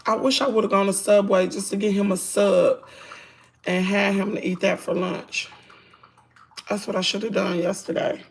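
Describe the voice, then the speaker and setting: A hoarse woman with a Southern US accent, chatting to viewers in her home kitchen on a phone livestream. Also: mid-range voice, flat delivery, normal speed. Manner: chatty, talks straight to viewers, says y'all a lot. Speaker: livestream host. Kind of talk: casual livestream chat while cooking.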